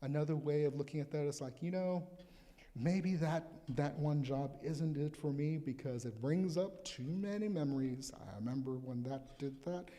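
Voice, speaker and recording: A man's voice: fairly high pitch, normal speed, dark tone, in a large hall. A male pastor preaching at a live church service, talking in a conversational, reflective way and reading scripture aloud. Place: church sanctuary.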